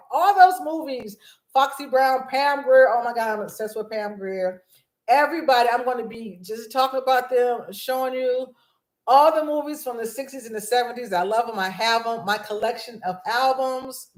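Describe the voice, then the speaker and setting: A woman's voice: a little high, darkish tone. A woman in her fifties from Los Angeles, hosting a live video chat, bubbly and scattered, often restarting her sentences. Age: 50s. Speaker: vlog host. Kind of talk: excited rambling livestream chat. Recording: roomy echo.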